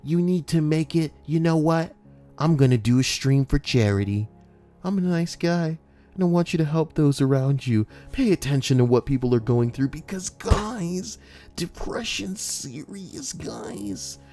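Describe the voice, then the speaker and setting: A man's voice: fairly high pitch, animated, dark tone, faint music behind, voice pushed up. A man putting on a preachy, self-important YouTuber who drags out his earnest, whiny words. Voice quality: drawn-out earnest whine.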